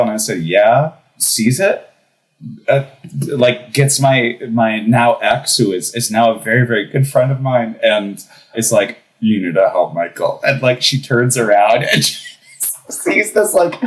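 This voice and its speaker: A young man in his thirties telling a comic personal story in a casual podcast conversation, animated and laughing as he goes. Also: medium pitch, rough recording. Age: young adult. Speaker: podcast guest.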